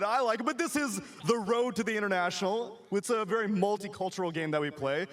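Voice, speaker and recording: A man with a notably high voice works a live esports crowd, joking and leading chants. A faint crowd murmur sits under him. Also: fairly quick, hardly any pauses. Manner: jokey, leads chants, shouts to crowd. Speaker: esports panel host.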